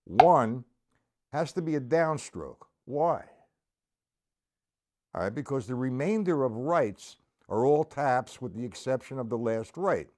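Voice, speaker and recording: A man's voice: mid-range voice, expressive, a little slow, darkish tone. A middle-aged man teaching a live-streamed drum lesson, patiently explaining and counting aloud as he plays.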